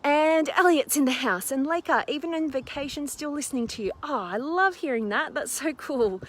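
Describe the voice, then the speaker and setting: A woman's voice: high voice, expressive, moderate pace. A woman hosting a live stream while walking up a steep hill outdoors, out of breath, bubbly and full of fillers as she reads out viewer comments. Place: outdoors in a windy park on a hill. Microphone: phone camera held while walking. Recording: faint outdoor noise.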